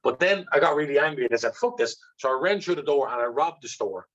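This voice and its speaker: A man's voice: mid-range voice, quick pace, fairly bright tone. A blunt Irish man telling candid stories as an interview guest, swearing freely and talking with animation. The recording is dull and lo-fi, with the top end rolled off. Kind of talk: candid storytelling.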